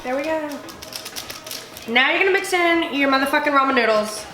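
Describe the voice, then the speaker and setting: A woman's voice: high voice, expressive, a little fast. A tipsy woman hosting a casual cooking vlog, rambling and swearing freely as she chops. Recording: echoey room with music behind.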